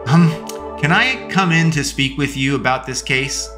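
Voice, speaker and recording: A man's voice: on the high side, unhurried, music in the background, lightly acted. A man voicing a female sheriff's deputy who speaks in an overly projected, businesslike way. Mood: urgent.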